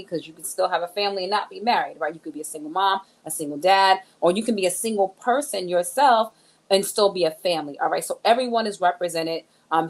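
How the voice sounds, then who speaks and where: A woman with a slightly low voice talks through a church sermon recap in a chatty, upbeat way. She keeps turning to the viewers with "right?" and "all right," and speaks with plain enthusiasm about books. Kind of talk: casual church recap talk.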